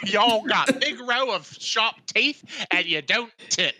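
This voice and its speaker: A man's voice: sits high, lively intonation, takes it slowly, bright, forceful tone. A man co-hosting a casual movie review podcast, joking around and slipping into silly impressions. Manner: jokey, drops into silly impressions. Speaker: podcast co-host.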